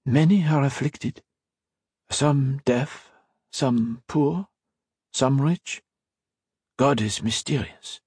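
A man reading the part of an elderly blind priest who speaks softly and slowly. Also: mid-range voice, breathy edge, dry recording, voice pushed up, heavily acted. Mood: gentle. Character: elderly blind male priest, gentle, soft-spoken.

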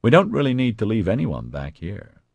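A man's voice: on the low side, wildly swooping pitch, moderate pace, a little mellow, husky, no room sound, pitched above the performer's own voice, full character voice. A man voicing a cool, cold-hearted female medic with an offhand manner.

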